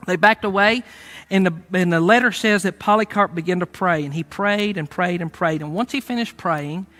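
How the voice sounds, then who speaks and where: Bright-voiced male preacher telling a story. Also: high voice, moderate pace. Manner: lively storytelling, conversational, with fillers. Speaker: pastor. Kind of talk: sermon.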